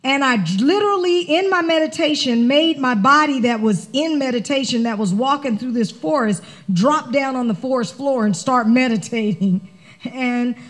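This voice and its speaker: A woman spiritual director preaching a sermon, telling a personal story in an animated, conversational way. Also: high-pitched.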